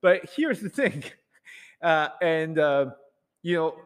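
A man telling a rambling, animated story to an audience in a casual talk, acting out bits of dialogue. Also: a little high, takes it slowly, clear, resonant tone, long reverb tail. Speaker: speaker addressing an audience.

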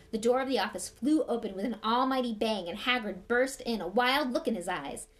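A woman reading a novel aloud with expressive, measured storytelling. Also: medium pitch. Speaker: reader.

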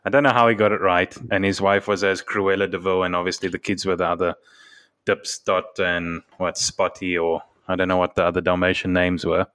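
Brief: lower-voiced man with a slight lisp, relaxed sports chat, laughs a lot. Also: a little fast. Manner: chuckles often while talking. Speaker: podcast co-host. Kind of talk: casual chat.

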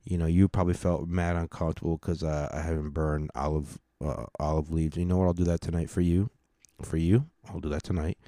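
A man with a low, mellow voice hosts a podcast in a casual monologue. He rambles through laid-back, profane stories. The sound is dry and close. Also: fairly even intonation, brisk, no echo. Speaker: podcast host and stand-up comic.

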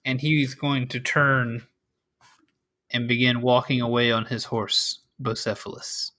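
A man narrating a tabletop game as game master, relaxed and full of fillers. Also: mid-range voice, measured pace.

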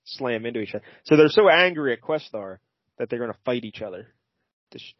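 A man's voice: medium pitch, lively intonation, fairly quick, dry recording. A male podcast host recapping a comic in loose, jokey chat. He rambles and fills his speech with plenty of "uh"s. The sound is dry and dull, like a lo-fi recording. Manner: rambling and jokey, with many fillers.

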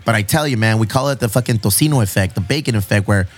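A middle-aged man hosting a casual chat, profane and joking, telling animated stories. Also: lowish voice, fast talker. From South Bay, San Diego area. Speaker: podcast host.

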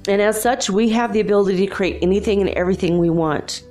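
A woman in her fifties, telling a childhood story in an animated, confiding way. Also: medium pitch, quick pace, soft background music. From Los Angeles, USA. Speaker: spiritual speaker. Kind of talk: storytelling monologue.

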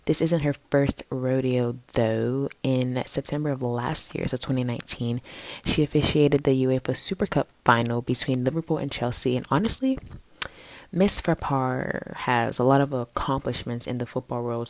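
A young woman with a very low voice hosts a solo sports podcast. She chats loosely and playfully, full of fillers and asides. The sound is dry and close, with no room in it. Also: fairly even intonation, moderate pace, a little mellow, no room sound. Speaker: podcast host. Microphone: home podcast mic.

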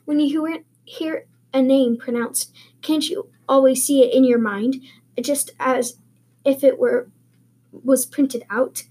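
A woman's voice: sits high, steady tone, slow, mellow, slightly rough, full character voice. A woman voicing an eager, talkative eleven-year-old orphan girl who speaks in a dreamy, earnest, wordy way.

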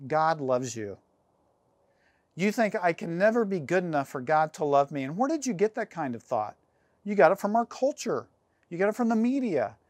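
A man's voice: on the high side, dry recording. A middle-aged man preaching a sermon as a pastor, earnest and emphatic, with rhetorical questions.

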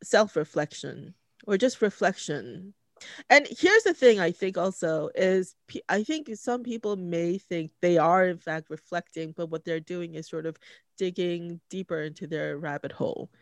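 A podcast host talking in a relaxed, hesitant way, with many fillers and restarts, recorded at home. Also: mid-range voice, moderate pace, no room sound. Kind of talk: casual conversation.

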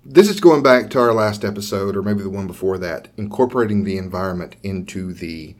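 A man from Georgia co-hosting a tabletop gaming podcast, chatting casually with jokes and halting restarts. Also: lowish voice. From Georgia, USA. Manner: joking, self-deprecating, halting with restarts. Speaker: podcast co-host. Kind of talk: casual chat.

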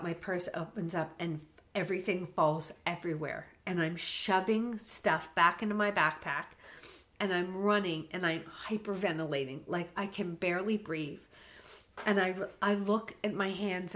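A woman co-hosting a podcast, telling a travel story in a lively, animated way. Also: on the low side. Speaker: podcast co-host. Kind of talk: casual storytelling.

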